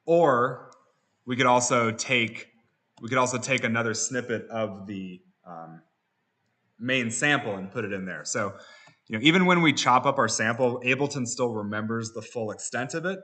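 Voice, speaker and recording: Bright-voiced male production instructor. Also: mid-range voice, moderate pace. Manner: relaxed, many fillers and restarts. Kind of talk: software tutorial.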